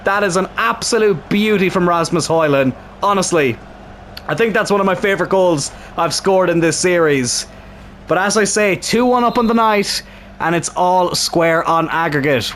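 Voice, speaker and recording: A young man commentating his own football video game match, excitable and swearing at the screen, with a strained throat. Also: high voice, moderate pace, a little hiss or hum.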